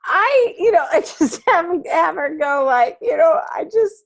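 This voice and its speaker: Lady coaching a comedy student, talks slow, lots of ums and uhs. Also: extremely high pitch, animated. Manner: halting, many fillers, laughs easily. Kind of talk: casual coaching.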